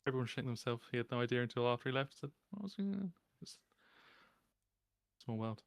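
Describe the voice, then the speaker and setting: A man's voice: medium pitch, flat delivery, fast talker, clear, resonant tone, no echo. A man at a tabletop game telling a story in casual chat. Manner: anecdotal, laughing. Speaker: player.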